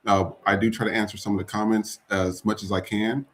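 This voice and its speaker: A man's voice: fairly low pitch, a little fast. A man hosting a podcast who talks casually and introduces clips in an easygoing way. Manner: animated, laughing easily. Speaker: podcast host. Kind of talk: casual chat.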